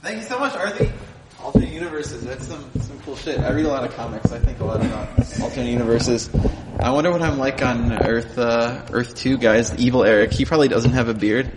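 A man's voice: medium pitch, a little fast. Male emcee, casual joking banter, echoing hall, heavy noise behind. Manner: rambling, jokey. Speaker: host. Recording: hall reverb, loud noise.

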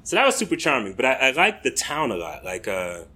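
A man's voice: medium pitch, huge pitch swings, a little fast, sharp tone, husky. A young American man hosting a podcast, telling a story in a laid-back way with many fillers and laughs. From United States. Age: young adult. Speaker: podcast host. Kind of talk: casual storytelling.

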